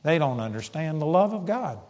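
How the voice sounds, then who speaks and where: A man's voice: a little high, very animated, fairly quick, darkish tone. A man preaching a sermon, telling a story in an emphatic, conversational way. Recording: dull audio in a large hall with long reverb.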